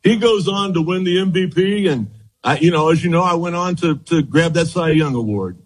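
A man in his sixties, a former pitcher, telling lively anecdotes in an interview and acting out the quotes. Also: normal speed, breathy edge, poor audio. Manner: animated anecdotes, repeats words, acts out quotes. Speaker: former baseball pitcher, guest. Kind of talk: storytelling interview.

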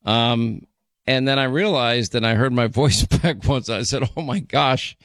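A man's voice: medium pitch, a bit bright, dry recording, clean studio sound. A man with a New York accent hosting a talk radio show, bantering playfully with his co-host. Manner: playful teasing, quick asides. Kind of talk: casual on-air banter.

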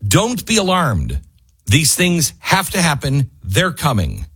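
A middle-aged man hosting a talk radio show, ranting with passion and swinging from loud outbursts to low, frustrated asides. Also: wildly swooping pitch, slow pace, breathy edge.

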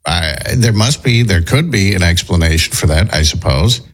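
A man hosts a radio talk show in a relaxed, casual way, often restarting his sentences and hedging as he thinks aloud. His voice sits low but moves a lot, rising and falling with his points. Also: normal speed, husky.

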